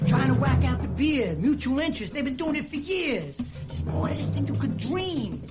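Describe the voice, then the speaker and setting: A frantic, paranoid conspirator over loud film music. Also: male voice, extremely high pitch, big pitch swings, moderate pace. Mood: cynical rambling. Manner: profane, cynical, rambling. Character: frantic paranoid middle-aged male conspirator. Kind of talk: film dialogue. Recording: loud film score behind.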